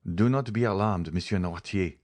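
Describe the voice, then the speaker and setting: A man voicing a grave, stern doctor who explains in a measured, insistent way in an audiobook reading. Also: deep voice, a little mellow, close to an everyday voice. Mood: calm authority. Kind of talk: audiobook character voice.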